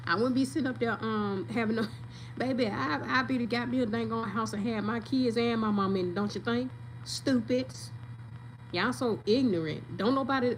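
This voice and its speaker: A woman's voice: medium pitch, slight background noise, low-quality recording. Emphatic woman venting her story. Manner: emphatic, venting, talks straight to viewers. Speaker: vlogger telling her story. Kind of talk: casual storytelling rant.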